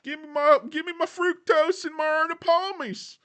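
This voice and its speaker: A man putting on a loud, gluttonous, junk-food-loving American man who shrieks and rants. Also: fairly even intonation, normal speed. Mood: shrill ranting. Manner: shrill, ranting, shouting.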